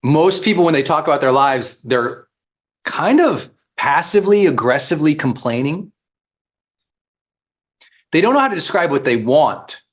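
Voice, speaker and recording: Guy coaching a crowd of coaches, fairly high voice, hammers points home with repeats. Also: normal speed, long pauses. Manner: animated, emphatic, repeats phrases for effect. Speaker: life coach. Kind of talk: motivational seminar talk.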